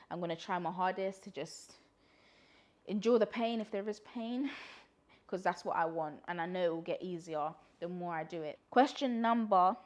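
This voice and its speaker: A young woman talks straight to camera in a casual Q&A monologue. Her voice sits a little low for a woman. She rambles warmly with plenty of fillers and laughs. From London, UK. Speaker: vlogger.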